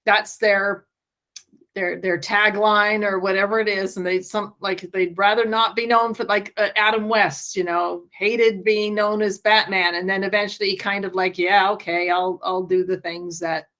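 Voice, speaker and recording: A woman's voice: medium pitch, flat delivery, normal speed, sharp tone. Chatty woman co-host. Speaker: podcast co-host. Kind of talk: casual chat.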